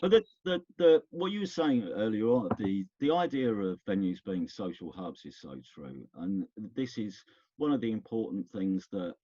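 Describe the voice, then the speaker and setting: Deep husky-voiced man reminiscing. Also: big pitch swings, moderate pace, dark tone, dry recording, dull audio. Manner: rambling, self-interrupting storyteller. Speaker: guest. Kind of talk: casual reminiscing conversation.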